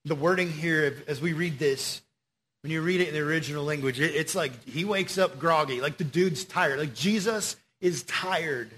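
A man preaching a casual sermon to young people, slangy and animated as he tells the story. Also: a little high, normal speed, a little hiss or hum.

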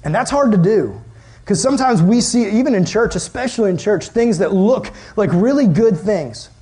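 A man's voice: sits high, moderate pace. A young man preaching a casual youth sermon, telling stories animatedly with lots of "like" fillers. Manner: animated storytelling, many "like" fillers. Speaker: youth pastor.

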